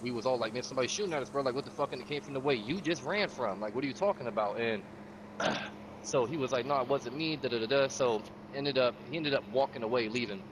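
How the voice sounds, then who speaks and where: A man's voice: mid-range voice, fast, background noise. A man casually recounting a game session, profane and streetwise, acting out the quotes of other players. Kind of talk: casual storytelling.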